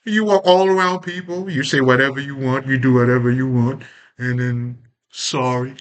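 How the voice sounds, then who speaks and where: A man's voice: medium pitch, a little slow. A man giving a casual, emphatic spoken monologue on personal growth, full of swearing and rhetorical questions. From Haitian background. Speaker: self-growth vlogger.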